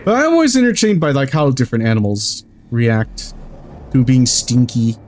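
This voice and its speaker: A man's voice: medium pitch, expressive, moderate pace, a little mellow, slight background noise. A man streaming a game, chatting casually in a rambling, jokey way and swearing freely.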